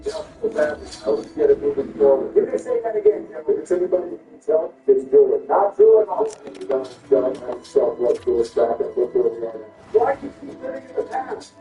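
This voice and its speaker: A man's voice: fairly high pitch, huge pitch swings, a little fast, few pauses, warm tone, roomy sound, distant mic, faint music behind, poor audio. A man voicing bickering, insulting grown men. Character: squabbling grown men trading insults over a board game.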